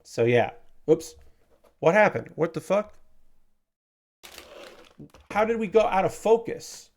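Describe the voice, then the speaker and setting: Rambling male streamer, slightly high voice. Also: big pitch swings, slow pace. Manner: rambling, with many fillers and swearing. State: frustrated. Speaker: streamer building model kits. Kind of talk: casual live-stream chat.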